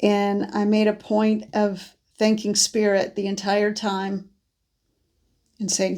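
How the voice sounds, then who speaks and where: Female card reader, mid-pitched, vocal fry, allergy-congested; soft, wandering delivery with pauses. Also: monotone. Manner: gentle, meandering, with many pauses and restarts. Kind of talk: spiritual message monologue.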